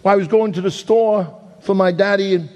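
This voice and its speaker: A man's voice: high-pitched, fairly even intonation, fairly quick, darkish tone, pitched above the performer's own voice, natural voice. A man voicing a frightened little boy who pleads and stammers. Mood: pleading. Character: small frightened boy, poor and cold. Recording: long hall reverb.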